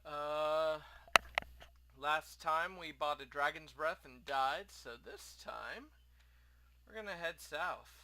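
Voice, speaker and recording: A man's voice: on the high side, takes it slowly, pushed and bright, low-quality recording. A man hosting a game playthrough, commenting casually with wry, offhand humor. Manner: wry, offhand, self-mocking. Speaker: let's play host.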